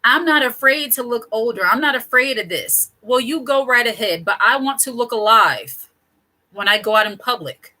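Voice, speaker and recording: A woman's voice: fairly high pitch, animated, moderate pace, bright, forceful tone, rough recording. A middle-aged woman hosting her own channel, giving casual advice straight to camera in a chatty, digressive way with frequent laughs. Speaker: channel host.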